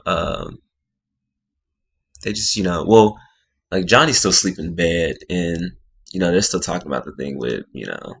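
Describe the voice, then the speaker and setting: A man's voice: deep voice, a bit bright, a little hiss or hum. A man casually recapping a reality TV episode, rambling with lots of fillers, restarts and slang.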